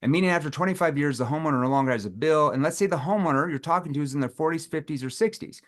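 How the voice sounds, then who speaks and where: A man leading a live sales training seminar, animated and demonstrating questions in a challenging tone. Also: a little high, racing.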